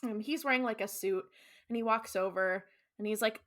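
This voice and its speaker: Bright, chatty Californian woman podcast co-host recapping a show scene by scene; laughs a lot. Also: medium pitch, fairly even intonation, fairly quick. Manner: chatty, laughs often, acts out characters' lines. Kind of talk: casual podcast chat, recapping an episode.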